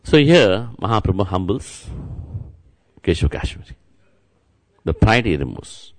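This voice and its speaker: A man's voice: deep voice, very animated, measured pace. A man giving a devotional sermon as a spiritual teacher, repeating words and chants and speaking straight to his listeners. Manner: repetitive, chant-like, addresses listeners directly.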